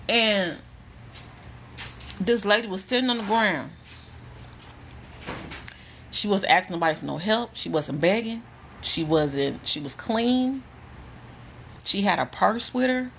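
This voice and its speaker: A woman's voice: mid-range voice, lively intonation, a little slow, long pauses, a bit bright, a little hiss or hum. A woman telling stories casually on a phone live stream, blunt, profane and repeating herself for emphasis. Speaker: spiritual content creator. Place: indoors at home on a live stream.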